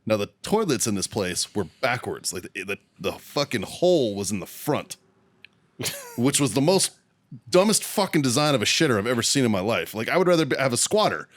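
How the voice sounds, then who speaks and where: A man's voice: medium pitch, sing-song, normal speed. Profane laughing man telling stories. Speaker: podcast host. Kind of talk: casual storytelling chat.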